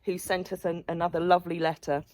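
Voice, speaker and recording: A chatty woman with a slightly low voice, teasing and laughing as she talks. She is recorded outdoors on a horse farm, with clear background noise over her voice. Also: little pitch movement, fast talker. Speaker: sanctuary owner and vlogger. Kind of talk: casual chat.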